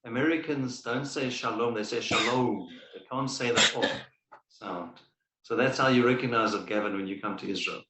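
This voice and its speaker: A man's voice: medium pitch, a little fast. A man taking part in an online study group, chatting in a teasing, offhand way. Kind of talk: casual chat on a call. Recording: roomy call audio with faint noise.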